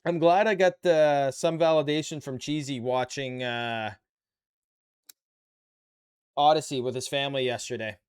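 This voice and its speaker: A man's voice: medium pitch, fairly even intonation, measured pace, pauses often, clean tone. A Canadian man with a Canadian accent, casually chatting and bantering with his viewers while building a model kit on a live stream. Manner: chatty, playful banter with chat.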